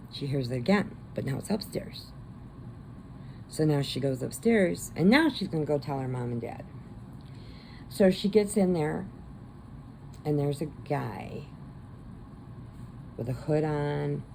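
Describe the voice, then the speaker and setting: Chatty crochet lady, low raspy voice, kinda dark and mellow, just rambling along. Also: slight background noise, rough recording. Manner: rambling, chatty movie retelling. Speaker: crochet vlogger. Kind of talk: casual chat.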